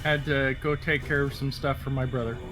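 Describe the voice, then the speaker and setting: A man giving unhurried, laid-back replies in a casual chat among gamers. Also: mid-range voice, little pitch movement, low-quality recording. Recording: loud music behind voice.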